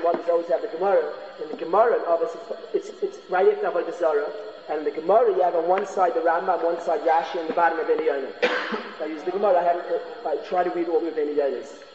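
High-voiced man teaching in an echoey hall. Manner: earnest, repeats phrases for emphasis. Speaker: Torah class teacher. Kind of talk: informal Torah lecture. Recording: echoey hall, dull lo-fi sound.

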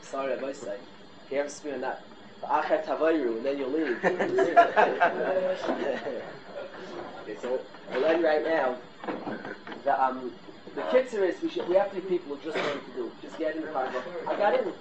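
A middle-aged male rabbi delivers an exhorting sermon, peppering it with Hebrew and Yiddish terms. His voice sits a little high for a man. The recording is roomy and dull, with clear noise underneath. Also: fairly quick. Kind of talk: Torah class sermon.

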